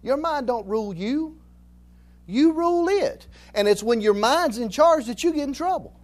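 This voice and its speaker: High-voiced Southern pastor preaching folksy. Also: male voice, expressive, normal speed. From Alabama, US. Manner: folksy, joking, repeats phrases for emphasis. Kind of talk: conversational sermon.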